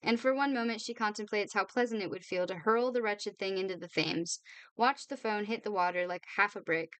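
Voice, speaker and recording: A woman reading a novel aloud for her channel, brisk and informal, now and then tripping over a word and apologizing. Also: medium pitch, fairly bright tone, clear, resonant tone, no room sound. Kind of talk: read-aloud novel narration.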